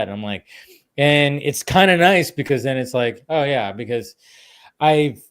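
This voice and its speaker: A man hosting a podcast, chatting casually in a rambling, animated way and swearing freely. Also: mid-range voice, a little slow, clean tone. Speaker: podcast host. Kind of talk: casual chat.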